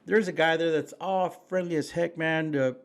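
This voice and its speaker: A man's voice: a little high, steady tone, normal speed. Folksy preachy man, fillers and restarts. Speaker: podcast co-host. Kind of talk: casual political chat.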